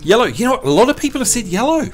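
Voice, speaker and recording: A man's voice: extremely high pitch, very animated, racing, over music. A man with a New Zealand accent hosting a game live stream, reading chat messages aloud in a chatty, joking way. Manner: chatty, reads chat aloud, jokey outbursts.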